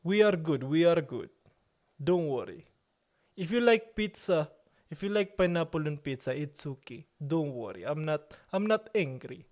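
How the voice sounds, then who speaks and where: A man's voice: fairly high pitch, lively intonation, darkish tone. A young man from Italy hosting a live stream, chatting casually with viewers in a playful mock-outraged way. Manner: playful mock outrage, slow drawn-out delivery. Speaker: livestream host.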